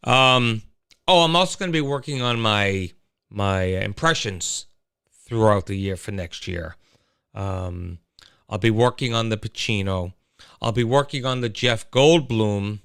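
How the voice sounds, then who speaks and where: A man's voice: on the low side, unhurried, smooth, no room sound, clean studio sound. A man hosting a casual solo livestream, rambling and chatting straight to his listeners. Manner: animated, rambling, talks to listeners. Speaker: host.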